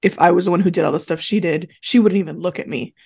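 Speaking fast in a husky, lowish voice, this young woman co-hosts a laid-back podcast about a reality show. She giggles and chats her way through recounting what people said, mimicking their words with a dry deadpan and laughing a lot.

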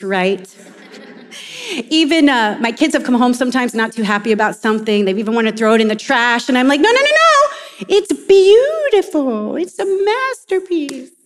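A woman preaching a sermon, telling stories in an animated way and acting out the quotes. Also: fairly high pitch. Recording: long reverb of a large hall.

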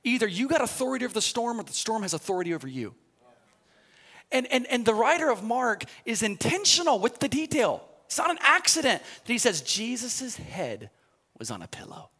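A male pastor with a very high, bright voice, preaching a sermon. He tells the story conversationally, restarting sentences with repeated words, then climbs into loud, shouted preaching. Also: very animated, a little fast.

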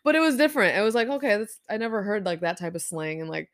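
A young woman chatting casually, animated, swearing freely and laughing often. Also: medium pitch, quick pace. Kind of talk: casual chat.

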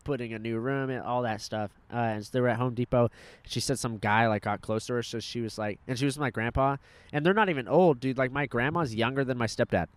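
Fast-talking man telling wild stories. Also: medium pitch, dry recording. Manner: fast, animated storytelling with heavy swearing. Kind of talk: casual chat.

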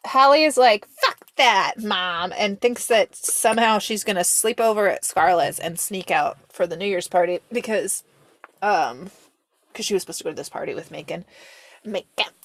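A young woman co-hosting a podcast, chatting casually with lots of fillers and quick asides. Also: medium pitch, no echo. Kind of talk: casual chat.

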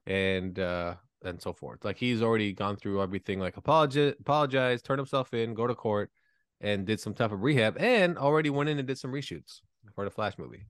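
A man's voice: lowish voice, fairly quick, clean tone, dry recording, studio quality. A man hosting a podcast in casual chat, blunt and profane, joking with his co-hosts. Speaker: podcast host.

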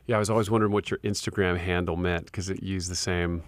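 A man with a very low, flat voice hosts a radio program and keeps affirming his guest. His delivery stays even, and the recording is dry and close. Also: quick pace, dry recording. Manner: affirming, frequent backchannels. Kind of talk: interview hosting.

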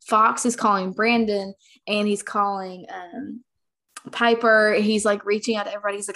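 A woman co-hosting a casual book podcast, excitedly retelling scenes and acting out the characters' lines. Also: mid-range voice, moderate pace. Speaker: podcast co-host.

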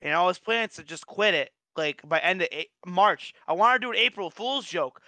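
Young male co-host, high bright voice, dry close sound, swears freely as he rants. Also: a little fast, no room sound. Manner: animated, profane storytelling with frequent restarts. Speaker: podcast co-host. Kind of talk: casual chat.

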